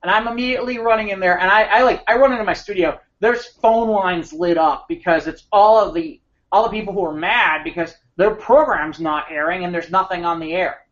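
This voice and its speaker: A man co-hosting a podcast, telling an animated, rambling anecdote with frequent restarts. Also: sits high, a little fast, few pauses. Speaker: podcast co-host. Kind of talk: casual storytelling chat. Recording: slightly muffled podcast audio.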